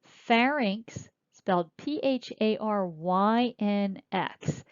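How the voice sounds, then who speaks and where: Woman, lecture teacher, unhurried, spells terms out, dull lo-fi audio. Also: mid-range voice, clean tone, dry recording. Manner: slow explanatory, pointing and spelling terms out. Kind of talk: recorded lecture. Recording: dull lo-fi dry recording.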